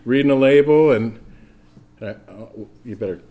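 A middle-aged man preaching a sermon as pastor, earnest and often dropping to a soft, intimate tone. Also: mid-range voice, moderate pace, a little hiss or hum.

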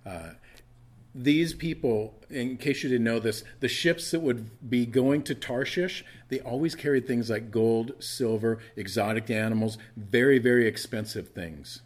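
A man's voice: medium pitch, measured pace. A middle-aged male pastor preaching a sermon in a conversational way, often restarting his phrases.

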